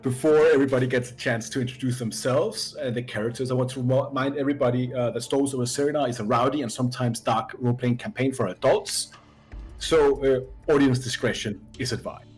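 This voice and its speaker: A man's voice: mid-range voice, fairly even intonation, brisk, darkish tone, faint music behind. A man hosting a tabletop role-playing stream as dungeon master, moving from dramatic storytelling to playful banter with his players.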